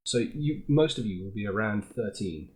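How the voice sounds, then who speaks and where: A man's voice: lowish voice, lively intonation, moderate pace, noisy background. Hesitant man running a tabletop game. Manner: hesitant, lots of ums. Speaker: game master. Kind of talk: narrating a tabletop game over voice chat.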